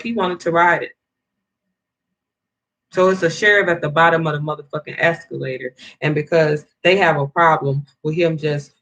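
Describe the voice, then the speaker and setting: A woman's voice: mid-range voice, poor audio. A woman in an angry, profane rant to camera, swearing heavily and rambling with restarts as she vents. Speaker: vlogger.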